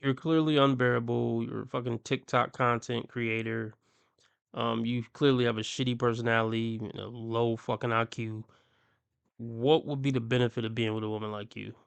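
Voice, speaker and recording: A man's voice: mid-range voice, flat delivery, normal speed, creaky, smooth, no echo. A man ranting bluntly and crudely as he reacts to clips on his stream. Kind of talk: ranting commentary.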